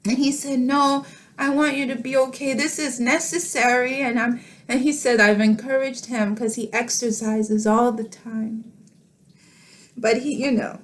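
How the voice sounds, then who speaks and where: A middle-aged woman speaking to camera in a tender, emotional personal vlog, laughing softly through tears as she talks. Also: on the high side, steady tone, measured pace. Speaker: vlogger.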